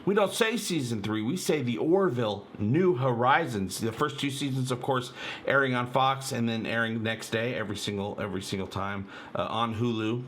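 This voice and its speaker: A man hosting a casual fan video, talking excitedly and rambling with lots of fillers as he breaks down a trailer for viewers. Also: medium pitch, moderate pace, a little hiss or hum. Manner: excitable, rambling, many fillers, addresses viewers as "you guys". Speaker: channel host.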